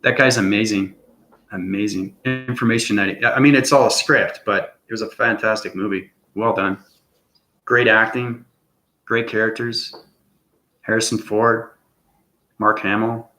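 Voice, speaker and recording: A man's voice: on the low side, steady tone, unhurried, long pauses, pushed and bright. A man giving an unscripted spiritual monologue as channel host, rambling and tagging lines with "okay?". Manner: rambling, repeats "okay?" often. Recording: echoey room.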